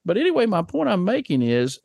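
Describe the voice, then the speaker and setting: A man's voice: sits high, wildly swooping pitch, brisk, gravelly, darkish tone, breathy edge, no room sound, clean studio sound. A man in his fifties co-hosting a podcast, chatting in a folksy way with storytelling asides. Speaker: podcast co-host. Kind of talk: casual chat.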